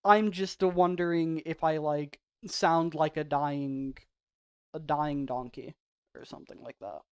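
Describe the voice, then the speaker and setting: A male game streamer chatting away to his viewers. He rambles and pokes fun at himself, with a smooth, clear voice. The sound is dry and close. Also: a little high, steady tone, unhurried, no room sound. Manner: rambling, self-deprecating; soft-spoken off stream. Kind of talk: casual livestream chat.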